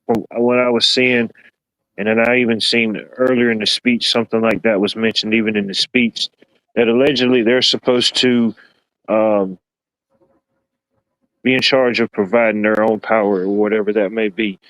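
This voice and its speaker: A man hosting a casual podcast discussion, reasoning aloud in a measured, hedging way and repeating himself often. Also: fairly low pitch, flat delivery, fairly bright tone, no echo, low-quality recording.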